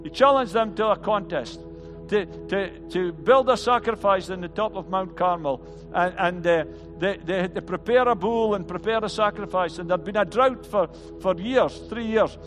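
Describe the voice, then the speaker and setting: A man's voice: sits high, normal speed, big-room sound. A male pastor preaching an earnest sermon, often stumbling and restarting his words. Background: band music.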